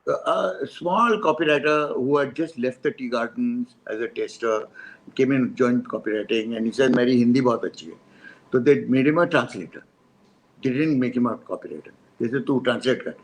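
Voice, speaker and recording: A man's voice: mid-range voice, moderate pace, low-quality recording. An older man with an Indian accent telling stories in a talk, acting out dialogue and slipping into Hindi. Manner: animated storyteller, acts out dialogue, mixes in Hindi. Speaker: advertising speaker. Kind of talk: storytelling talk.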